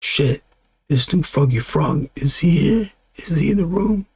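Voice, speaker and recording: A man voicing an angry middle-aged father who shouts at his daughter's boyfriend. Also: fairly high pitch, lively intonation, measured pace, gravelly, husky, pitched above the performer's own voice, exaggerated voice.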